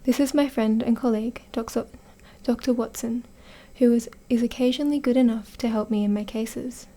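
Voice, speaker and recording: Whispered role-play: an Australian woman as a dry, sure male detective, mellow and soft. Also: on the high side, normal speed, lightly acted. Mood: brisk. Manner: soft and even, close to her own voice.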